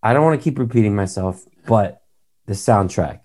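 A man's voice: fairly low pitch, lively intonation, normal speed, crowd noise. A man co-hosting a podcast in casual chat, rambling and wry, often repeating himself. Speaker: podcast co-host.

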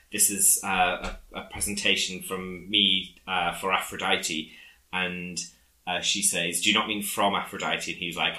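A man casually recapping a film on a podcast, halting often with fillers as he retells scenes. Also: deep voice, sharp tone, roomy sound, rough recording. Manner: rambling, halting with many fillers. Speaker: podcast co-host.

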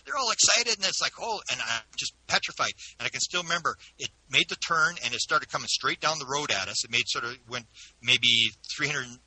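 A man who is an interview guest, telling a personal story in an animated way with frequent restarts. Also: mid-range voice, fairly quick, husky, rough recording. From Canada.

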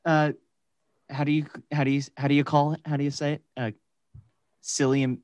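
A man's voice: fairly high pitch, monotone, a little mellow, dry recording. An American man co-hosting a podcast, joking and teasing in casual chat. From United States. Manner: playful, teasing, quick to joke. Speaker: podcast co-host.

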